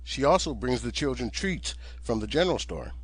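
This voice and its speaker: A man, the author, narrating his own audiobook in a steady, gentle storytelling manner. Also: medium pitch, brisk, husky, dry recording.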